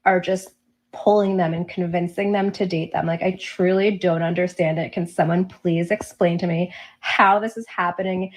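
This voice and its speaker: A woman's voice: fairly low pitch, steady tone, normal speed, slight background noise. Earnest, questioning woman in a clip. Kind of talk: social media video clip.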